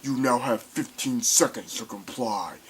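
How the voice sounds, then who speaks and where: A man voicing a flat, menacing male police robot giving warnings in a monotone. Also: medium pitch, measured pace, breathy edge, voice pushed down. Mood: mechanical stern.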